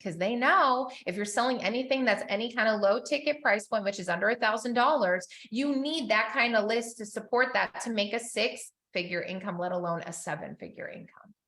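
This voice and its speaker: A woman coaching business owners in a live session, chatty and animated, acting out the people she quotes. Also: on the high side, fairly quick, echoey room.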